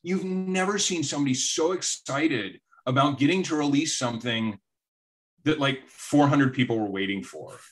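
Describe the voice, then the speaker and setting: Male podcast talker, bright tone, storyteller who slips into quoted voices. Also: medium pitch. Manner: anecdotal, acts out quoted voices. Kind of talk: casual podcast chat.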